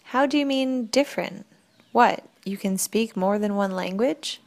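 Woman narrator as a doubting, excitable man; slightly gravelly voice, quick questions. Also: mid-range voice. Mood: questioning. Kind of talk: audiobook reading.

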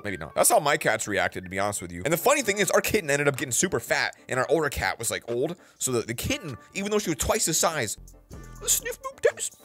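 A young man hosting a reaction video, chatting casually and jokingly straight to his viewers. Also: medium pitch. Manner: animated, jokey, talks straight to viewers with slang.

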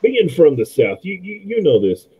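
A man's voice: fairly high pitch, huge pitch swings, moderate pace, warm tone, husky. A middle-aged man chatting casually about movies as a podcast co-host, with frequent fillers and restarts. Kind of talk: casual movie commentary chat. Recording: tinny phone-like line.

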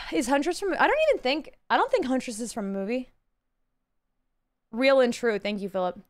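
A young woman streaming a game, chatting casually with her viewers in excitable bursts. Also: high-pitched, a little fast. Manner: chatty, talks to chat, excitable exclamations. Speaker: live streamer. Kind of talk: casual live-stream chat.

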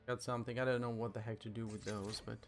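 A man streaming live gameplay, talking excitedly and panicking as he plays. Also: mid-range voice, quick pace, soft background music. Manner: panicky, excitable, swears mildly.

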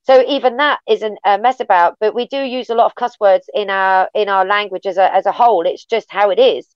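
An English woman talking as an interview guest, blunt and animated, swearing freely as she tells stories. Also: medium pitch, a little fast, smooth, dry recording, muffled recording. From England. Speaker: wrestling guest. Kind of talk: casual interview chat.

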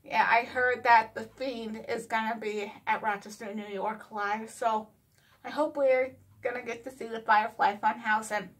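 A woman vlogging in a chatty, excited way, her speech slightly slurred from wearing retainers. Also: fairly high pitch, moderate pace. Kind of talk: casual vlog chat.

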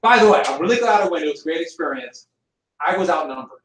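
A middle-aged American man teaching a history class, telling stories in an animated, joking way. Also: fairly high pitch, fast, a little hiss or hum. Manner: animated, jokey storyteller with laughs. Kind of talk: classroom lecture with storytelling. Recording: roomy classroom audio from a distance.

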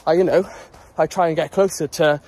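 A man's voice: on the high side, steady tone, fairly quick, a little mellow. Rambling man, out of breath outdoors. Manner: rambling, chatty, talking while jogging. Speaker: vlogger. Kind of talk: casual vlog chat. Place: outdoors on a dog walk.

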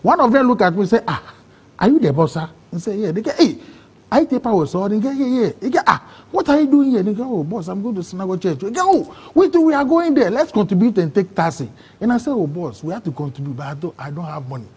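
A man with a Ghanaian English accent, telling his own story in an interview, excitable and acting out other people's words. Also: high voice, quick pace, breathy edge. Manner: excitable, acts out quoted voices, broken phrasing. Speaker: interview guest. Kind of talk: emotional personal storytelling.

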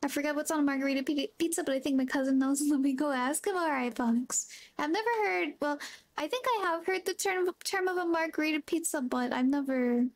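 A woman's voice: sits high, fairly quick, dry recording. A woman streaming a video game, chatting casually with her viewers and greeting them by name. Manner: chatty, reads chat aloud, friendly greetings. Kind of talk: casual gameplay chat.

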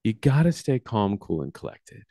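A man voicing his kind, calm middle-aged male schoolteacher inside a story, in a gentle, reassuring tone. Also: lowish voice, normal speed, no room sound, studio quality.

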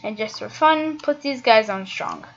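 A woman's voice: fairly high pitch, lively intonation, a little slow, fairly bright tone. A woman giving casual gameplay commentary, chatting and thinking aloud as she plays, often trailing off mid-thought. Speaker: gaming video creator. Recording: dull lo-fi mic.

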